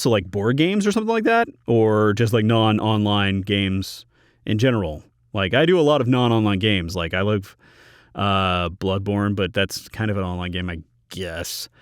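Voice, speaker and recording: A man reads out viewer questions in a casual Q&A and answers them bluntly and drily, often in a single word. His pitch moves up and down a lot as he talks. He is recorded close on a studio mic in a dead-sounding booth. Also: clean tone, dry recording. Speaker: YouTube channel host. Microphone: studio microphone in a recording booth.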